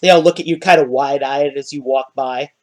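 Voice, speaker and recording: A man's voice: medium pitch, fairly even intonation, fairly quick, darkish tone. A man narrating a tabletop game as dungeon master, rambling with many fillers.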